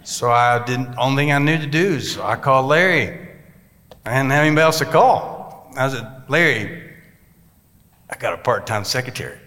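Animated preacher in a hall. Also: male voice, mid-range voice, moderate pace, long pauses. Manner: animated storyteller, voices quoted people. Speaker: pastor. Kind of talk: sermon storytelling. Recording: long hall reverb.

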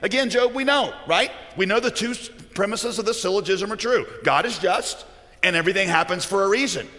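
A man's voice: high voice, brisk, sharp tone, big-room sound, voice pushed up. A man voicing Job's know-it-all friends, pressing their case insistently. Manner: insistent, explaining. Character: Job's smug adult male friends lecturing him.

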